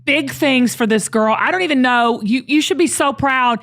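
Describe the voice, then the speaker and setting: Woman podcast host, playful, teasing, casual chat, higher voice. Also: a bit bright. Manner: playful, teasing, quick to laugh. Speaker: show host.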